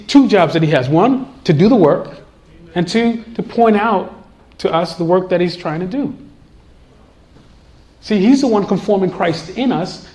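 Preaching a sermon with animation, this man has a voice that sits high. He laughs often and acts out voices in his examples.

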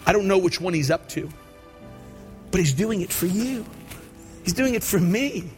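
High-voiced man preaching an altar call. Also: animated, normal speed, pauses often, faint music behind. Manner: pleading, repetitive, builds to shouted prayer. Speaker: pastor. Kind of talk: sermon with altar call prayer.

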